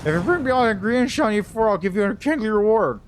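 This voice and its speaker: A man's voice: sits high, expressive, fast, faint music behind, voice pushed up. A man voicing a confused, drunken male beggar who thinks he is a king, speaking in a slurred mumble. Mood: rambling.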